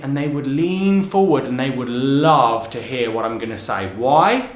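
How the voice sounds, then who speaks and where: In an echoey room, a male transformational coach gives advice to camera at a slightly slow pace with few pauses. His medium-pitched voice has lively intonation, and he speaks with energy and emphasis, often repeating words.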